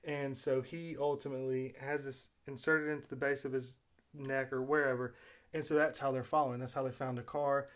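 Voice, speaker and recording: A man of ordinary pitch talks loosely through his own video. He retells events at length, backs up on his words and drops fillers as he goes. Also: level tone, a little fast. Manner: rambling retelling with fillers and restarts. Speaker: video host. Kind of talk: casual spoken commentary.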